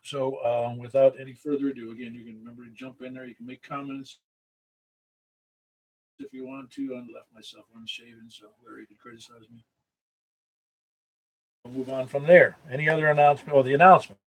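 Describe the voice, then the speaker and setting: A man's voice: mid-range voice, steady tone, brisk, pauses often, rough recording. A man acting as net control on a ham radio net, chatting casually and rambling with self-corrections. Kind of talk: casual on-air radio chat.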